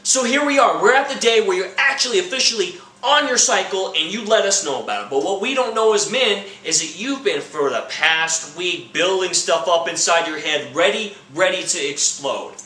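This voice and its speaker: A young man delivering a comedic rant, acting out quoted lines and bursting into shouts. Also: high-pitched, expressive, moderate pace, hardly any pauses, roomy sound, low-quality recording. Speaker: comedy vlogger.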